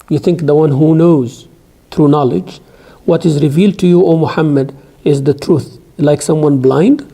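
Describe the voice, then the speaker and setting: Middle-aged lecturer, dark gravelly voice, emphatic classroom delivery. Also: male voice, on the high side. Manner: emphatic, rising sharply when stressing points; recites scripture in rapid chant. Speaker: Islamic studies teacher.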